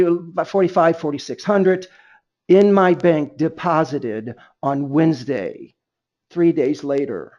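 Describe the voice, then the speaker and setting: A man's voice: on the high side, dark tone, muffled recording. A man leading a sales training webinar, emphatic and rambling, often restarting his sentences.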